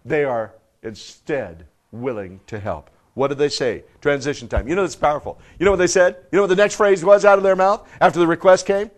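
Speaking briskly with few pauses, a male pastor addresses a live congregation. He peppers his sermon with rhetorical questions, alternating forceful outbursts with quiet, low passages.

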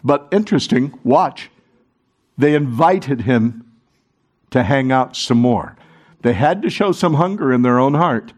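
A middle-aged man preaching a sermon, animated and urging the congregation to join in. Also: mid-range voice, a little slow. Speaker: pastor.

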